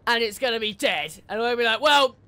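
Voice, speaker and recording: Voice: medium pitch, fast talker, pushed and bright. A gamer giving casual, jokey commentary while playing, laughing and swearing often. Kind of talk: casual let's-play commentary.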